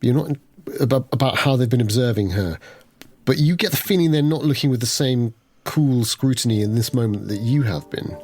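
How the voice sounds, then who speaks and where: A man's voice: medium pitch, fairly quick, darkish tone. A man as game master, narrating a horror tabletop game and calling for rolls. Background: background music.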